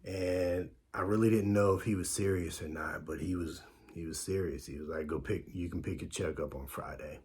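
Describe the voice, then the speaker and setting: Deep husky man telling a story. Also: normal speed, hardly any pauses, a little mellow. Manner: laid-back, lots of fillers and quoted dialogue. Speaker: podcast host telling his story. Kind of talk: casual storytelling.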